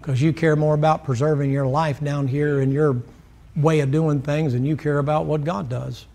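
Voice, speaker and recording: A man preaching a sermon in a Southern American accent, his voice sitting a little higher than most men's. He talks in a folksy, blunt, fervent way and keeps throwing rhetorical questions at the congregation. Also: little pitch movement, moderate pace, gravelly, a little mellow. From Southern United States.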